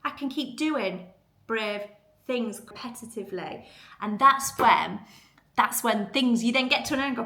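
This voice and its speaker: A woman's voice: a little high, lively intonation, normal speed, pushed and bright. A woman, giving an earnest, chatty motivational talk as a podcast host. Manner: chatty, earnest, lots of fillers.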